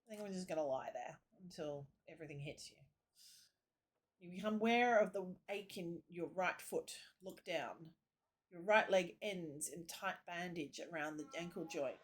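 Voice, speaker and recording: A woman's voice: lowish voice, slightly rough. A woman streamer reading a text game aloud, mixing the narration with muttered casual asides. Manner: reads narration slowly, drops into muttered asides.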